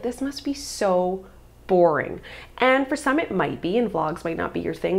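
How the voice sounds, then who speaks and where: A woman in her thirties, a vlogger chatting casually to camera in an upbeat way, laughing often. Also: mid-range voice.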